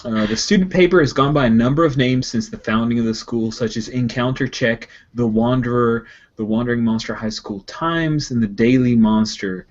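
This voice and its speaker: Chatty game master, lo-fi call audio. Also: male voice, medium pitch, normal speed, hardly any pauses. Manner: laughs easily, chatty and upbeat. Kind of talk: explaining tabletop game rules.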